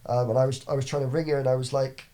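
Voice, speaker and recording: Fast-talking young man, rambling. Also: mid-range voice, level tone, mellow. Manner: fast, rambling storytelling with frequent swearing and restarts. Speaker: podcast guest, business owner. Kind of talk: casual chat.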